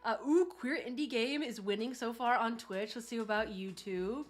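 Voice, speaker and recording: A woman hosting a casual livestream from her desk at home, talking in a gushing, excitable, slangy way. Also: on the high side, normal speed. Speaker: livestream host.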